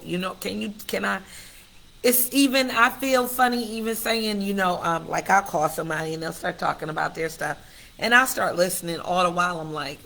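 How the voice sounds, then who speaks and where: Gravelly, bright-voiced woman confiding to viewers. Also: on the low side, normal speed, low-quality recording. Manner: heartfelt, confessional, preacher-like cadence; addresses viewers directly and often. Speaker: host of her own live stream. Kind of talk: candid personal livestream talk.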